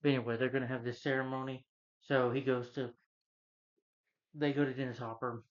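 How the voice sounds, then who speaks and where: A man's voice: medium pitch, flat delivery, brisk, lo-fi sound. Rambling man ranting through a movie review. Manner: rambling, casual and profane, with many fillers. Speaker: film reviewer.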